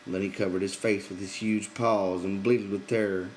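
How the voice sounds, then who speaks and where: A man reading a novel aloud in measured audiobook narration. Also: lowish voice, fairly even intonation, slight background noise, low-quality recording. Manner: measured storytelling. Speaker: reader.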